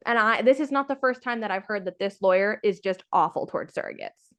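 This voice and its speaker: A woman's voice: medium pitch, animated, brisk, fairly bright tone. A woman hosting a casual podcast chat, telling her own story frankly and acting out the other people's lines in quotes. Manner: frank, exasperated. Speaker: podcast host sharing her surrogacy story.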